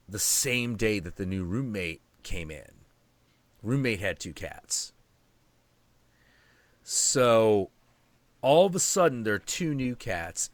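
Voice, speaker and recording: A man hosting a stream, telling a story in a casual, animated, profane and rambling way. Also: fairly low pitch, no echo.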